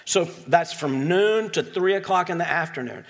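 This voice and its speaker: A man's voice: on the high side, moderate pace, hardly any pauses. A male pastor reads scripture aloud and explains it in a casual, digressive way, with self-deprecating asides. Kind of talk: conversational sermon reading and explaining scripture.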